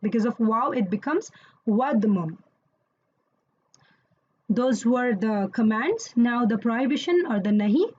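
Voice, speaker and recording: A woman's voice: on the high side, expressive, a little slow, pauses often, a little mellow, muffled recording. A woman teaching Quranic Arabic grammar in an online lesson, explaining patiently and checking in with listeners as she goes.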